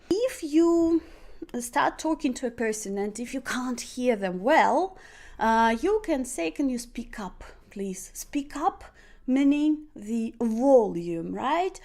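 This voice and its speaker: Loud-spoken woman teacher. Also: on the high side. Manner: speaks loudly by habit; acts out example phone lines. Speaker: English teacher. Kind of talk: podcast lesson on phrasal verbs.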